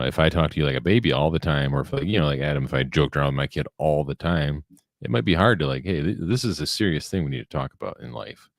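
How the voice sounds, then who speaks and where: A man in casual podcast chat, talking in a deadpan monotone. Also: extremely low pitch, no room sound, clean studio sound. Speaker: podcast co-host.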